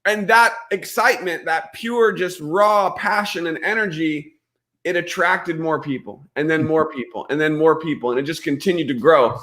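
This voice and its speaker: A man's voice: fairly high pitch, normal speed, pushed and bright. A man hosting a live stream, talking enthusiastically as a network marketing coach giving motivational advice.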